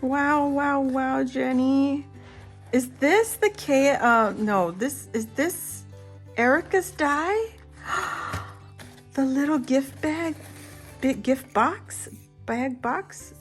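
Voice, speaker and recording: A middle-aged woman vlogger chatting casually and excitedly as she unboxes a birthday gift, gasping and laughing. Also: sits high, drawn-out words, faint music behind. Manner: excited and giddy, many gasps and laughs. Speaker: crafting vlogger.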